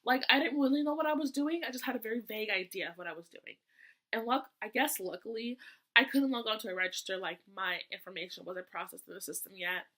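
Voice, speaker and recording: Speaking quickly with a sharp tone and a mid-range voice, this young woman student vlogs a casual storytime. Her delivery is chatty and exasperated, peppered with sassy asides.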